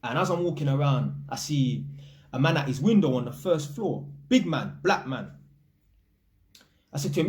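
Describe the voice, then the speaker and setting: A man's voice: on the high side, fairly quick, echoey room. A young man, telling a casual, slangy story about his work as an electrician and acting out the people in it. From England. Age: young adult. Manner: slangy, animated, acts out quoted people.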